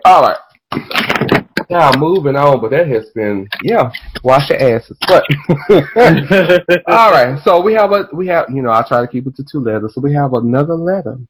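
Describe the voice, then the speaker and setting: A man hosting a podcast in casual chat, animated and profane, drifting into tangents and laughing as he talks. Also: fairly high pitch, normal speed, breathy edge, rough recording. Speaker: podcast host.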